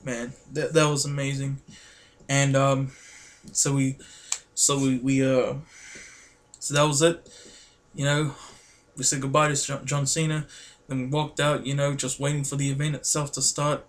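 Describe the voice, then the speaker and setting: A man, vlogging in a casual, rambling and excitable way, full of fillers. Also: mid-range voice, measured pace, long pauses. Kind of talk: casual chat to camera.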